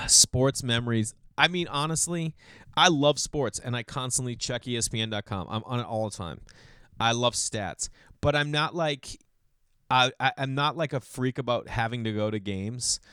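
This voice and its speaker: A man from Boston hosting a podcast in a casual comedic monologue, rambling and animated, swinging between loud acted-out bits and low mumbled asides, swearing casually. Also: moderate pace, smooth, dry recording, clean studio sound. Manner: swears casually, calls listeners dude.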